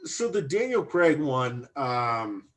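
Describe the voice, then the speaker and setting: A man hosting a podcast, trading loose, crude banter with a brash edge. His pitch swings widely as he talks, bouncing up and down through each line, though his voice sits at an ordinary middle height for a man. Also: sing-song, slow, a bit bright. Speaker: podcast host. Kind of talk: casual chat.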